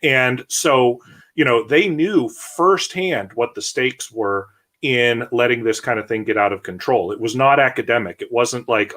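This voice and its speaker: Male host, mid-pitched, blunt and rambling with lots of restarts. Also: a little slow, a bit bright. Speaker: podcast host. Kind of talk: casual political discussion.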